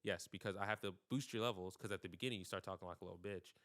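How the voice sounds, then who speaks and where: A man's voice: low-pitched, very fast, fairly bright tone. A young man hosting a podcast in casual chat, blunt, teasing and profane. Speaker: podcast host.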